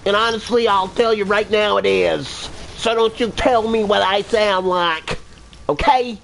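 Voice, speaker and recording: A man's voice: sits high, a little slow, gravelly, fairly bright tone, slight background noise, low-quality recording. A young male streamer chatting over voice chat, ranting in mock indignation with repeated tags like "all right?". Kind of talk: joking voice chat while gaming.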